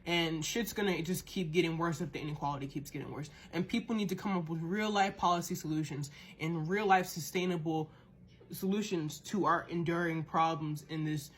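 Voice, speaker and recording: A woman's voice: deep voice, fairly quick, slightly rough. A woman hosting a podcast, ranting in a heated, profane monologue and often repeating and restarting words as she gets worked up. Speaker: podcast host.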